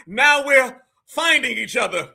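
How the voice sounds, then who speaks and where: A man hosting a live show, reacting to clips with loud exclamations and mocking asides to his viewers. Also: extremely high pitch, expressive, slow, creaky, slightly rough. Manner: exclaiming, mocking, laughing, addresses viewers as fam. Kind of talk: animated live reaction commentary.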